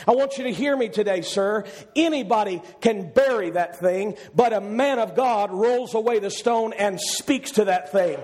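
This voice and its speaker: High-voiced man preaching a sermon. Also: moderate pace, hardly any pauses. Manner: impassioned, repetitive, builds to shouted climaxes.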